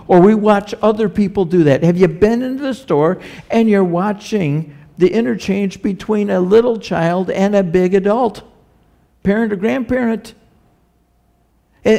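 Gravelly pastor preaching conversationally. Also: male voice, high-pitched, warm tone. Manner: conversational, asks the congregation rhetorical questions. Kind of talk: sermon.

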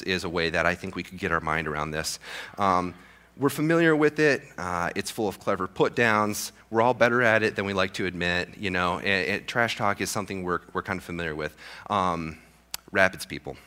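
Deep, bright-voiced male preacher. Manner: casual, joking asides with many restarts. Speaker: pastor. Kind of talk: sermon.

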